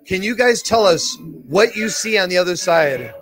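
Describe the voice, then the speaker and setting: A man with a high-pitched voice leads a spirit box session. He asks the spirits slow, hushed questions and reports the words that come through, and now and then breaks into excited shouts. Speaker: paranormal investigator.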